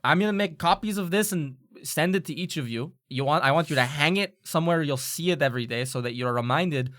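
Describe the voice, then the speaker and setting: A stern school official woman, firm and formal, bright tone, put on by the game master. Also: medium pitch, brisk, no room sound, studio quality, lightly acted.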